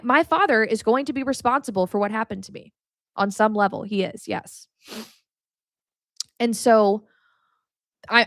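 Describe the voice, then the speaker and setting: Gravelly, outspoken woman podcast host. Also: on the high side, dry recording, studio quality. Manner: candid, swears freely, speaks with emotion; talks straight to the listener, calls them honey. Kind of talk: casual faith teaching.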